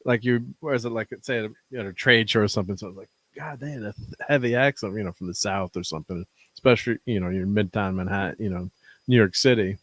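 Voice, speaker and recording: A man's voice: fairly low pitch, quick pace, a bit bright, no room sound. A middle-aged American man co-hosting a podcast, telling rambling stories with frequent chuckles. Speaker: podcast co-host. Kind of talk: casual podcast chat.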